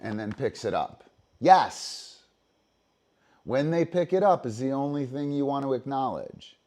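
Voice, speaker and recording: Speaking at a moderate pace in a warm, medium-pitched voice, a disc dog trainer hosts a livestream on dog training. His explanations are casual and profane, full of fillers and "right?" tag questions. There's slight background noise.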